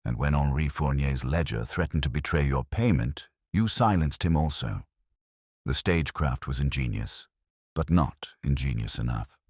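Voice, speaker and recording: Man playing a Victorian detective, cold, precise, cutting, very low voice, dry close sound. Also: lively intonation, normal speed, a little mellow, slightly rough, dry recording, full character voice. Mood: accusing.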